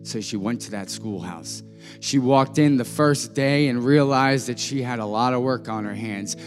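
During a sermon, a male pastor earnestly tells an illustrative story, lightly voicing its characters. He speaks in a mid-range voice at normal speed. Music and the long reverb of a church hall are audible.

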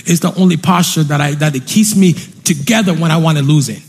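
A man preaching a fervent, repetitive sermon from a church stage, breaking into sung and shouted lines. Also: fairly high pitch, fast, breathy edge.

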